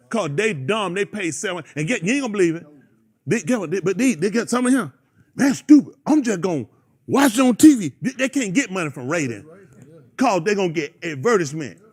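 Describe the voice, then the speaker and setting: A man hosting a radio show, ranting in an animated, rambling casual chat. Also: high voice, a little fast, breathy edge.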